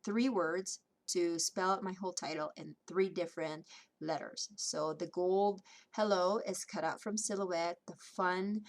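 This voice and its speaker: A woman vlogger casually narrating her scrapbook layout process, chatty and relaxed with frequent ums. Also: on the low side, gravelly.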